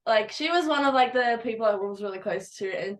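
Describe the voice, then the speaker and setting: A woman's voice: on the high side, lively intonation, brisk. A young woman, a college basketball player, chatting and giggling over a video call with lots of "like". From Australia. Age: young adult. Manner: giggly, chatty, uses "like" a lot. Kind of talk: casual interview chat.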